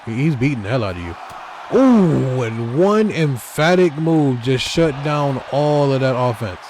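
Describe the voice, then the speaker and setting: A man giving excitable, trash-talking play-by-play commentary over a wrestling video game, talking straight to the wrestlers. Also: mid-range voice, unhurried, a little hiss or hum.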